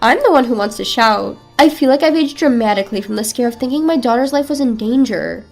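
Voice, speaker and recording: A woman's voice: on the high side, lively intonation, a little fast, creaky, faint music behind. A woman narrating a first-person family drama story in an earnest, resolute way.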